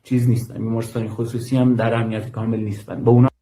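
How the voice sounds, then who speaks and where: Dark-voiced man in a measured statement. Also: medium pitch, level tone, poor audio. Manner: measured, deliberately repeats himself. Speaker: medical aid worker. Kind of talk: recorded statement in a played clip.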